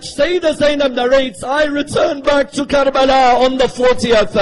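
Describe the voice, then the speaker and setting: High-voiced man preaching with feeling. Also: steady tone, moderate pace, few pauses, slight background noise, poor audio. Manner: emotional storytelling, rhetorical questions to the audience. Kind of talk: impassioned religious sermon.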